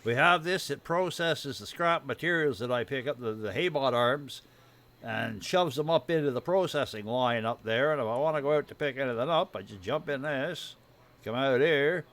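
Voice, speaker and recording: A man live-streams a game, chatting and rambling casually as he shows off his farm build and greets viewers. His voice sits in the mid range with a fairly bright tone at a moderate pace, and his throat sounds dry and irritated.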